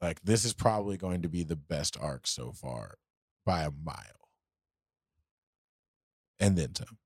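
A man co-hosting a casual anime podcast, talking loosely with slang and swearing, acting out quick quotes from the shows. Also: low-pitched, lively intonation, no room sound, studio quality. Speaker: podcast co-host.

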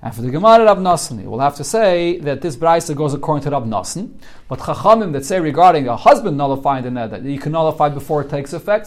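A man's voice: a little high, sing-song, quick pace. A man teaching a Talmud class in English with Yeshivish terms, translating the Aramaic text line by line and explaining it as he goes. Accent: English with Yeshivish Hebrew and Aramaic terms. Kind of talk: daily Talmud study class.

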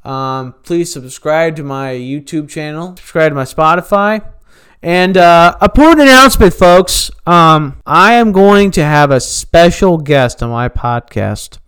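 A man hosting a podcast, telling rambling stories in a halting way and chuckling at them. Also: on the high side, a bit bright, clear, resonant tone. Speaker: podcast host. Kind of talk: casual storytelling podcast.

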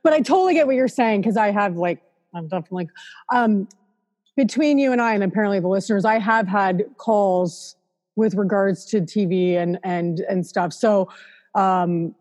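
A woman's voice: medium pitch, normal speed, darkish tone, long reverb tail. A woman hosting a podcast, asking questions in an eager, chatty way with plenty of fillers. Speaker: podcast host. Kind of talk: casual interview chat.

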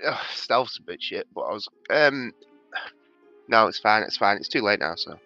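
A man's voice: on the low side, lively intonation, moderate pace, gravelly, bright, forceful tone, highs cut off, faint music behind. A man playing a tabletop game, talking hesitantly with fillers and laughs. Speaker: player. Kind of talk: casual tabletop play.

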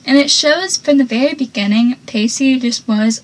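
Breathy, chatty young woman. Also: fairly high pitch, moderate pace, few pauses. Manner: chatty, gushing, heavy use of "like". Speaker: TV show fan commentator. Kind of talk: casual fan commentary.

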